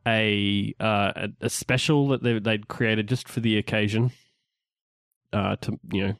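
A man's voice: on the low side, steady tone, measured pace, fairly bright tone, no room sound. A man co-hosting a casual geek podcast, opening in an upbeat way, then rambling with many restarts. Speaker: podcast co-host.

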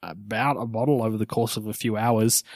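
A man's voice: on the low side, steady tone, a little fast, darkish tone, no echo, clean studio sound. A young man co-hosting a podcast, telling stories in a rambling, self-deprecating way. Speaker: podcast co-host. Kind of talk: casual chat.

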